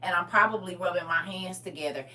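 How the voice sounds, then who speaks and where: A woman giving an impassioned testimony, swinging between shouting and low intense talk with lots of emphatic repetition. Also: quick pace, recorded from a distance.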